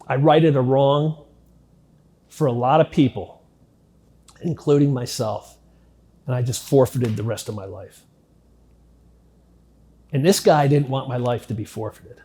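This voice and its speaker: A man's voice: mid-range voice, measured pace, long pauses. Man recounting his past, candid and blunt. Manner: candid, drops to near-quiet at grim moments, swears casually. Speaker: interview guest. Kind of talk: telling his life story in an interview.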